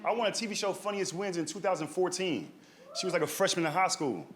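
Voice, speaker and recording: Animated male stand-up comedian. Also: high voice, quick pace. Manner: animated, tags lines with "right?" and "dog". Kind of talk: stand-up storytelling. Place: comedy stage.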